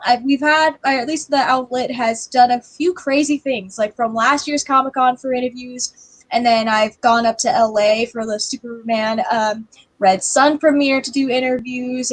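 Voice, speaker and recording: A woman co-hosting a casual livestream chat over a video call, telling stories in an animated way and acting out what people said. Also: on the high side. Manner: animated storyteller, acts out quotes. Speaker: livestream co-host.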